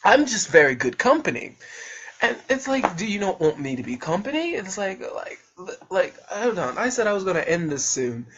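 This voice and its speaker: A man's voice: high voice, big pitch swings, normal speed, muffled recording, noisy background. A young man rambling boastfully in a jokey self-promotional monologue, often slipping into put-on voices. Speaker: self-published author promoting his book.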